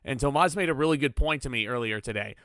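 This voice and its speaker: Bright, chatty man hosting a podcast. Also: mid-range voice, fast, no room sound, studio quality. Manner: enthusiastic, chatty, frequent ums. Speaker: podcast host. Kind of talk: casual wrestling review chat.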